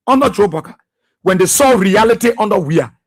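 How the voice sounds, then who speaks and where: Guy on talk radio, high husky voice, preachy and repeats himself a lot. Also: animated, a little fast. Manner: emphatic and repetitive, preachy. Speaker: radio talk show host. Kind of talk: political radio commentary.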